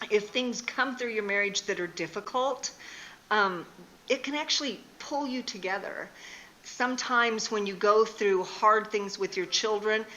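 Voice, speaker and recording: A middle-aged woman speaking at a church marriage seminar. She tells animated stories and often laughs. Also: medium pitch, a little hiss or hum. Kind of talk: storytelling marriage seminar talk. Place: church hall. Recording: echoey church room.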